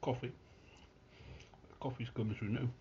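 A man giving a casual, chatty beer tasting review at home, describing the beer in relaxed detail. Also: mid-range voice, moderate pace, dull audio, slight background noise. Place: at home near his Christmas tree.

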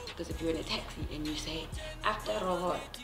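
A young South African woman with a South African accent, ranting to camera in a casual comedic vlog, animated and exasperated. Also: low-pitched, racing. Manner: animated, exasperated, swears freely. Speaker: vlogger. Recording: echoey room with loud music behind.

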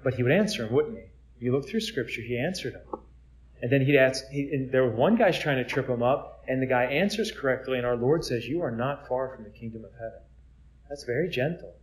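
A man's voice: mid-range voice, expressive, brisk. A man, a Catholic friar, giving an informal preaching talk in a conversational way, full of rhetorical questions and repeated words as he restarts.

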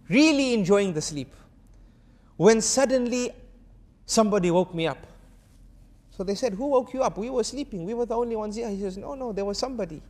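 A man preaching to an audience, telling a story and acting out its dialogue with animated shifts of voice. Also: sits high, a little fast, big-room sound. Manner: urges the audience to answer. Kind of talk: storytelling sermon.

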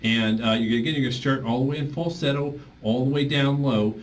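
A man of medium pitch and fairly quick delivery instructs a voice therapy group, taking them through the steps and singing vowel drills as examples. The recording is distant, with faint noise in the background.

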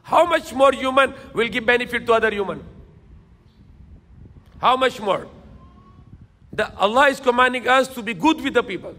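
A man's voice: extremely high pitch, normal speed, long pauses, bright, forceful tone, in a large hall. A man preaching a sermon lecture in emphatic, repetitive phrases, now and then switching into Tagalog. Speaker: Islamic preacher.

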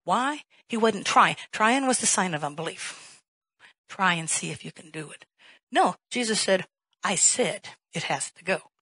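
A woman's voice: medium pitch, expressive, measured pace, bright, forceful tone, slightly rough, no room sound, low-quality recording. A woman pastor preaching a sermon in an emphatic way, firing rhetorical questions and rising to a raised voice.

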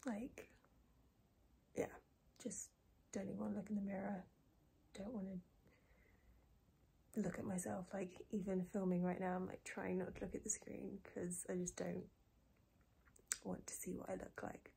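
A woman in her twenties talking casually in a video diary, soft and breathy, often near a whisper, low and tearful. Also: little pitch movement. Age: 20s. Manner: soft, breathy and often close to a whisper, with many pauses and fillers. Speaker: vlogger.

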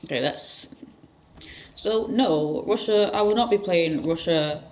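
A gaming channel host giving rambling let's-play commentary with sudden loud outbursts. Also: mid-range voice, takes it slowly, a little hiss or hum.

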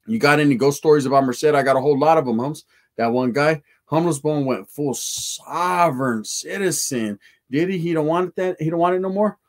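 A man talks loosely through a livestream, reading out comments and answering them in easy street slang with Spanish words thrown in. His voice sits a little high for a man, and he keeps it relaxed and profane. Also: fairly quick. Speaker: livestream host.

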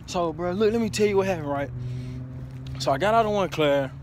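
A young man, a college student, chatting casually to the camera, slangy and animated, swearing and then saying sorry. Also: high voice, a little fast, background noise. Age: young adult.

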